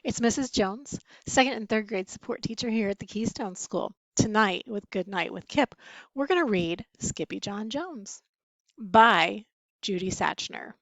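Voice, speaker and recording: A woman's voice: medium pitch, measured pace, no room sound. Woman teacher reading a bedtime story. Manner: expressive, animated reading. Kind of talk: bedtime story read-aloud. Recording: dull lo-fi dry sound.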